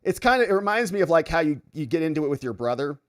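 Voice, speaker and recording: A man's voice: on the high side, sing-song, fast talker. A middle-aged man hosting a livestream in casual chat, reading viewer comments aloud and telling jokey stories. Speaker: livestream host.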